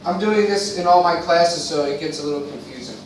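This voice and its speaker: An English teacher from the eastern United States, an American man with a high voice, runs slow, deliberate drills full of repetition during a classroom lesson. He's captured by a distant mic in an echoey classroom, with a little hiss or hum.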